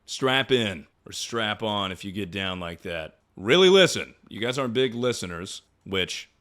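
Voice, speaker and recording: A man's voice: on the low side, expressive, measured pace, fairly bright tone. A young man streaming, riffing on viewer stories in crude, rambling casual chat. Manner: rambling, joking, trails off into mumbles.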